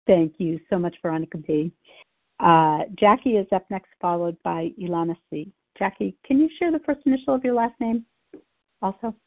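A woman's voice: fairly low pitch, dry recording. A woman chairing an online recovery meeting, thanking speakers and calling the next ones politely. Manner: polite, brisk announcements. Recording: phone-quality call audio.

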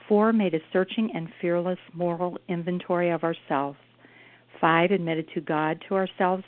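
A woman from Ohio reads a numbered list at a meeting in a steady, even way. Her voice is a little low, and the phone line flattens and thins it. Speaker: meeting member. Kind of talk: reading steps aloud. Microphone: phone call.

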